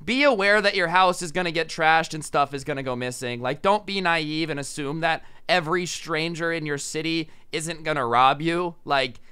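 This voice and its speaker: Young male storytime vlogger, bright and crisp, animated delivery, filler "like" throughout. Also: fairly high pitch, normal speed, hardly any pauses. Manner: animated, shouts out quoted lines, says "like" a lot. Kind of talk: casual storytelling.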